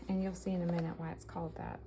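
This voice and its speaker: A woman's voice: fairly low pitch, flat delivery, very fast, noisy background. A woman chatting casually as she shows off vintage yard-sale finds, reading items aloud with enthusiasm. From American South. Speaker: vintage collector vlogger. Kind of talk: casual show-and-tell haul.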